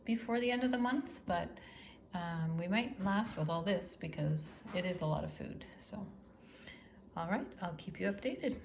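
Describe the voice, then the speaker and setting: A middle-aged woman hosts a casual grocery haul vlog, chatting in an unhurried way with many ums and uhs. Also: lowish voice, lively intonation, gravelly, noisy background. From Canada. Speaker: host.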